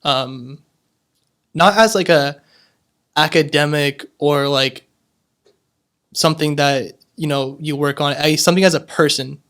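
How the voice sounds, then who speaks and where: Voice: mid-range voice, measured pace, pauses often, fairly bright tone. Young adult host asking rambling questions. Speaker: podcast host. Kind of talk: casual interview chat.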